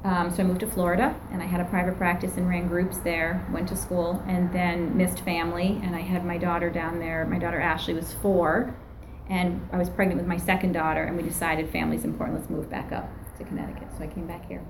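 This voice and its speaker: Middle-aged woman telling stories, very animated, does the voices, bit of faint room hiss. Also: on the low side, a little fast. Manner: lively, acts out quoted voices, laughs often. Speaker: therapist and professor. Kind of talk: animated storytelling in an interview.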